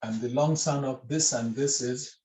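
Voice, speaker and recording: A man's voice: mid-range voice, moderate pace, darkish tone, reverberant, poor audio. A man teaching a script class online, patiently spelling out syllables with hesitant fillers.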